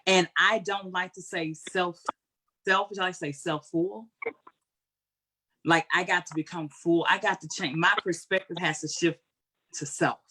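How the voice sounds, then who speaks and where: A woman with a fairly low, breathy-edged voice speaks unhurriedly as a guest answering an interview question. She's earnest and candid, colloquial and heartfelt, telling animated stories along the way.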